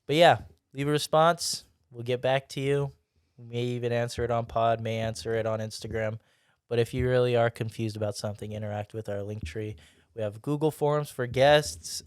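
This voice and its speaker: A young man hosts a casual podcast with friends. His voice is smooth and resonant, recorded close and dry. He talks in a chatty, rambling way and laughs often. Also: mid-range voice, dry recording. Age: young adult. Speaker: podcast host. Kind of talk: casual group chat.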